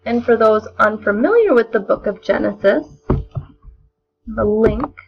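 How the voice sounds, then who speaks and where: A young woman giving a measured, explanatory spoken analysis of a poem as a lesson. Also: fairly high pitch, lively intonation, breathy edge. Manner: measured, explanatory, occasional restarts. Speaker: student presenter. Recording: dull lo-fi recording.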